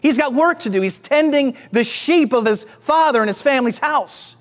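Brief: energetic male preacher, lively swooping delivery, rallies the church. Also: very high-pitched, normal speed. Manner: energetic, exclamatory, call-and-response. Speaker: pastor. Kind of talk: sermon.

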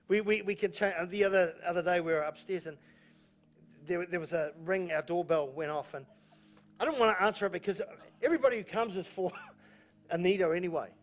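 A male pastor preaching a sermon in church, repeating key phrases with emphasis and telling jokey stories. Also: high voice. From New Zealand. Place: church auditorium.

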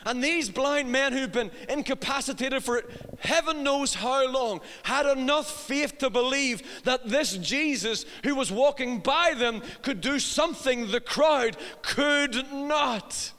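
A middle-aged pastor, very high-pitched, bright and forceful, speaks at a slow pace while sharing a funny family anecdote from the pulpit. He acts out the voices and laughs at his own jokes as a long hall reverb trails his words.

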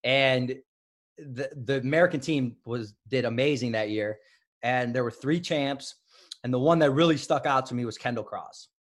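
A man in his thirties with a mid-range voice talks at a moderate pace. Formerly a wrestler and from Highland Park, Illinois, he shares stories as a guest in a laid-back interview, stumbling through many fillers and restarts.

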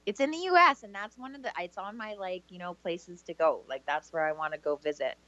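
A woman's voice: on the low side, a little fast, pushed and bright, no echo, muffled recording. A woman from Canada co-hosting a casual radio chat, rambling and hedging with lots of "like". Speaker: psychic medium co-host.

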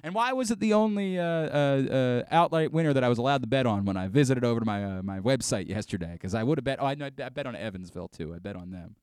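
A man's voice: mid-range voice, quick pace, few pauses, darkish tone, clear, resonant tone, no room sound, studio quality. A man hosting a sports talk radio show, ranting with exasperation and frequent restarts.

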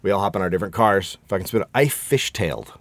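Speaking rapid-fire in a low register, this middle-aged man co-hosts a podcast and spins a profane, animated yarn full of acted-out quotes. The recording is dry and the chat is casual.

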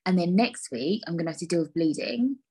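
A woman's voice: on the low side, animated, a little fast, mellow, husky. A young woman hosting a podcast alone, talking candidly and bluntly with lots of swearing. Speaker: podcast host. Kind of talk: casual solo podcast chat.

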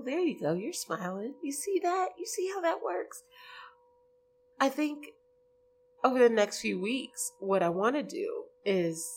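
A woman hosting a podcast alone, talking to her listeners in a chatty, earnest way with many "like" and "um" fillers. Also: lowish voice. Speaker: podcast host. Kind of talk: casual solo podcast monologue.

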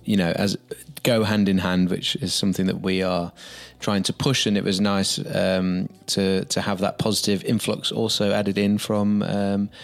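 A man's voice: deep voice, flat delivery, normal speed, gravelly, few pauses. A man co-hosting a podcast in a rambling, jokey way. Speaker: podcast co-host. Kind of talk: casual podcast chat.

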